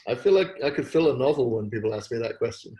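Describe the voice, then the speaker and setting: A man's voice: medium pitch, expressive, quick pace, mellow, roomy sound, low-quality recording. A man with a British accent answering interview questions casually, dry and self-deprecating, often laughing. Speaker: guest.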